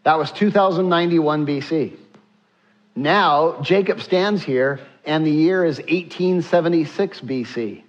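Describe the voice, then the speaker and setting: A man preaching with animated energy, his voice rising and falling as he pulls the congregation into the passage. His voice sits a little higher than most men's, and the sound is dull and lo-fi. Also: unhurried. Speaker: pastor. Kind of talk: sermon.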